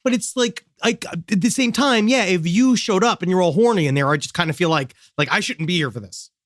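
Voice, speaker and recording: Male comedy podcast co-host, higher voice, excitable riffer, dry studio sound. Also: brisk, no echo. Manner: excitable, riffing, jokey. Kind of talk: casual comedy podcast chat.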